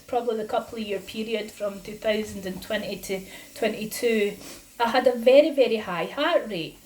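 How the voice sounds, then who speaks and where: A woman talks straight to camera about her own situation, with a slightly higher voice. She speaks indignantly and emphatically, acting out her exchanges in quoted bits, and she sounds a little breathless. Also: darkish tone, low-quality recording. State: breathless from lung disease. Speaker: patient sharing her health story. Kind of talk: personal vlog to camera.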